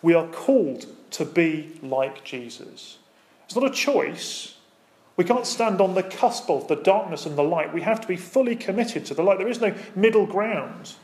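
A man's voice: high voice, expressive, normal speed, hardly any pauses, a little mellow. A man preaching a sermon as pastor, speaking with emphatic, rising and falling intensity and asking the congregation rhetorical questions.

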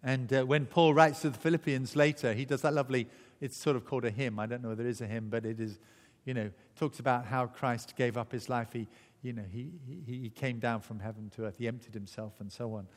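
A man's voice: mid-range voice, steady tone, fairly quick. A man preaching a sermon, telling the story vividly and acting out the voices. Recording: echoey hall.

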